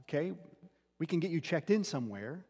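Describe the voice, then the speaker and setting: This sermon comes from a man with a fairly high-pitched voice speaking at a normal pace. The pastor teaches scripture with earnest intent, often restarting his words, as a long hall reverb trails behind him.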